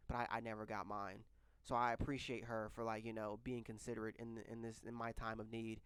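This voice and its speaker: A young man in his twenties talks straight to his viewers, telling a loose and candid personal story. His voice sits at an ordinary middle pitch, and he stumbles and restarts his sentences as he goes. He is recorded close to a microphone in a dry space with no room sound. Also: flat delivery, moderate pace, clean tone, no room sound. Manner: candid, rambling, with frequent restarts. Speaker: vlogger. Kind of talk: casual storytelling.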